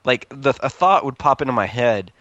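A man's voice: medium pitch, expressive, normal speed, a bit bright, no room sound, lo-fi sound. A man co-hosting a podcast, telling rambling stories in casual chat and laughing often. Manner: rambling storytelling with frequent laughs. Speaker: podcast co-host.

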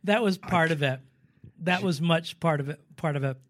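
Older man, guest actor, animated raconteur, voice sits a bit high. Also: moderate pace. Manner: animated, acts out quoted voices. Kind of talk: casual interview storytelling.

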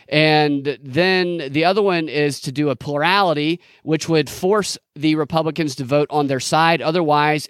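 A man's voice: fairly high pitch, no echo, studio quality. A man co-hosting a podcast, giving casual, sarcastic, rambling political commentary. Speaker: podcast co-host.

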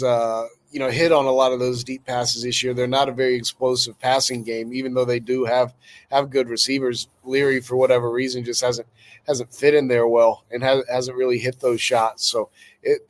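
A man giving casual football analysis on a podcast, halting and full of fillers as he works through his points. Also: medium pitch. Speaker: podcast co-host.

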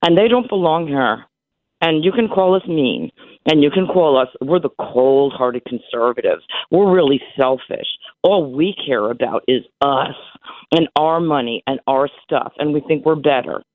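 A woman's voice: deep voice, animated, normal speed, no room sound. A woman in her sixties calling in to a radio show, talking emphatically with emotion. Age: 60s. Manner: emotional, emphatic, repeating herself. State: voice breaking with emotion. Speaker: caller. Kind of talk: call-in radio chat. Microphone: telephone. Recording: tinny phone line.

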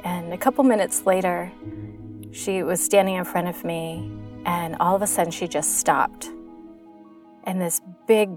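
Woman host, lively storyteller, laughs easily, faint music underneath. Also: on the low side, measured pace, long pauses. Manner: animated storyteller, laughs often, acts out her child's voice. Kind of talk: casual conversation.

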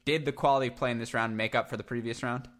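A man's voice: medium pitch, fairly even intonation, fast, a bit bright. A man hosting a casual tennis podcast, joking with co-hosts and leading the talk with questions. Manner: joking, leads the discussion with questions. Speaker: podcast host. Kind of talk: casual sports podcast chat.

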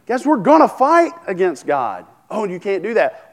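A man's voice: sits high, wildly swooping pitch, normal speed, few pauses. Man preaching a conversational sermon. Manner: conversational preaching, asks the congregation questions, many restarts. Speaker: pastor.

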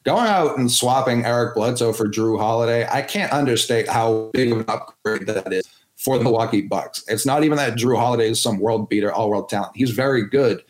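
A man's voice: medium pitch, a little fast. Boston sports guy, blunt and opinionated, sounds like an echoey room. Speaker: guest. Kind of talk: casual sports talk.

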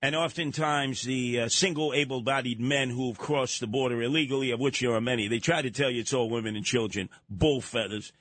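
A man hosting a radio talk show, trading opinions with callers in an animated, mocking way that slips into acted voices. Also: medium pitch, fairly quick, few pauses, no echo.

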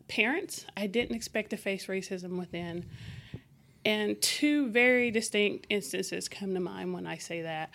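A woman teacher as an interview guest, telling stories in a lively conversational way and acting out the exchanges she describes. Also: medium pitch. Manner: animated, acts out quoted exchanges. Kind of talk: conversational storytelling.

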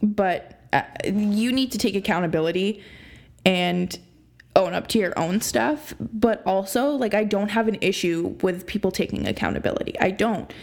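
A woman's voice: mid-range voice, moderate pace, creaky. Exasperated young woman podcast host. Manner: exasperated, animated, laughs between points. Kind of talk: opinionated sports podcast rant.

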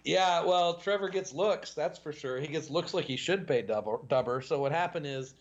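A man guesting on a podcast, telling stories in an animated way and chuckling often. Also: a little high, normal speed, highs cut off. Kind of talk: casual podcast chat.

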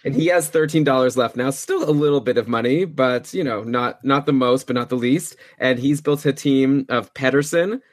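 A man hosting a podcast, chatting casually and upbeat with quick asides. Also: medium pitch, no echo, studio quality. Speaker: podcast host. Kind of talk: casual commentary on a fantasy hockey draft.

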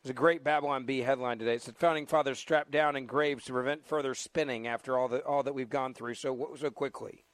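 A man's voice: medium pitch, steady tone, fairly quick, hardly any pauses, no room sound. A man hosting a talk radio show, speaking in an emphatic, mocking, repetitive way into a studio microphone.

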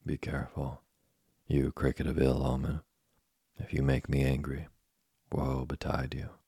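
A man's voice: very deep voice, completely flat delivery, unhurried, mellow, breathy edge, no echo, clean studio sound, exaggerated voice. A man voicing a stubborn, impudent wooden puppet boy in a sleep story reading, giving defiant, impatient retorts.

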